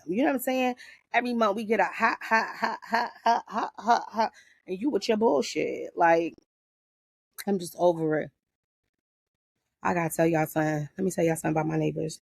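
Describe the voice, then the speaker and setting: Middle-aged woman host, deep and gravelly, close dry sound, unscripted blunt storyteller. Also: no echo. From Paterson, New Jersey. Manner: blunt, profane, animated storytelling. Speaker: podcast host. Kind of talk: casual unscripted chat. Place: outdoors in her backyard garden.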